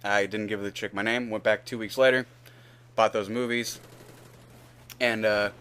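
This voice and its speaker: This is casual gameplay commentary from a young male gaming host who tells a loose, frank story, swears openly, and acts out both speakers. His voice is lowish, smooth and fairly bright, with a steady tone at a normal speed.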